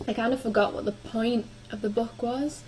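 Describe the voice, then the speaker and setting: A chatty young woman, a book vlogger, talks casually through a book review, her speech full of ums and likes. Her voice sits fairly high with fairly even intonation and a slightly mellow quality, at a normal pace. The audio is poor, with slight background noise.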